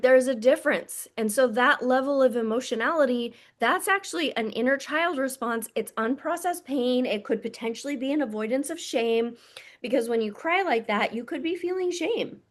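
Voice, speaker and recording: Woman coach talking to camera, kinda high voice, blunt and sweary, calls everyone "my loves". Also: expressive, normal speed. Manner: frank and blunt, swears freely; intimate, addresses listeners as "my loves". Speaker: spiritual coach. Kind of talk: casual monologue to camera.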